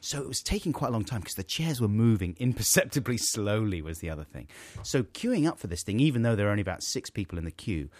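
Animated male storyteller, dry sound. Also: on the low side, fast talker, hardly any pauses, no echo. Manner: animated, expressive storyteller who acts out voices. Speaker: podcast co-host. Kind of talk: casual chat, storytelling.

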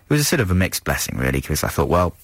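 Brief: male radio DJ, deep voice, dry close studio sound, rambling and self-mocking. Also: sing-song, rapid-fire, no echo. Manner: rambling, self-deprecating, chuckling. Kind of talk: casual radio chat. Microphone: studio microphone.

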